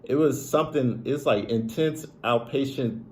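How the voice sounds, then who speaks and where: At a measured pace, a man with a mid-range, darkish voice tells a painful personal story over slight background noise. It comes out casual, emotional and profane, loaded with "like" and repeated "bro."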